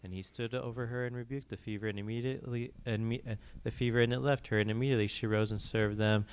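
Guy reading the gospel fast, super crisp clear voice. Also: medium pitch. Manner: brisk steady reading. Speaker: scripture reader.

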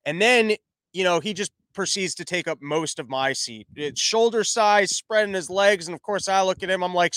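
A man's voice: high voice, normal speed, a bit bright, no room sound. A man telling a rambling comic story, full of stammered restarts. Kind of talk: comedic storytelling monologue.

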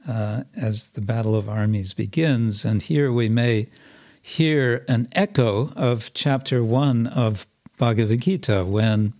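A man teaching a scripture class, reading verses aloud and explaining them slowly with many pauses and restarts. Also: on the low side, a little mellow. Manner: slow and hesitant, many fillers and restarts.

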